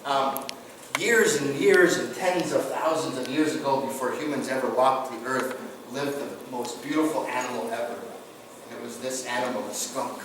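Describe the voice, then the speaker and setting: A man's voice: mid-range voice, steady tone, normal speed. Man telling stories, far off in an echoey hall. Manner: folksy, interactive, asks the audience questions. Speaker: guest presenter on tribal culture. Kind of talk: storytelling talk to a group. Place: large echoey room with an audience. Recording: echoey, noisy room from far off.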